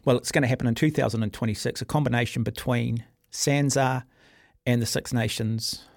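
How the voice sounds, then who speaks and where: Opinionated New Zealand talkback host. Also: male voice, mid-range voice, steady tone, brisk, vocal fry, no room sound, studio quality. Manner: opinionated, ranting and forthright. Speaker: sports radio host. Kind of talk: talkback radio. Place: radio studio. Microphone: studio microphone.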